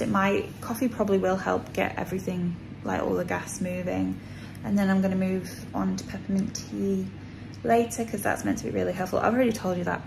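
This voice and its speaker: A woman's voice: medium pitch, vocal fry, background noise. A woman vlogging in casual chat to camera, tired and a little out of breath, rambling with lots of fillers, recorded on a phone in a small room.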